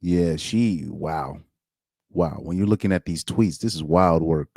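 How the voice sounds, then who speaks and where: A young man with a deep, low voice gives casual reaction commentary. He reads posts aloud and breaks off into incredulous asides and half-finished restarts. The sound is close and dry, with no room around it. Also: a little slow, gravelly, mellow, no echo. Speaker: commentary streamer.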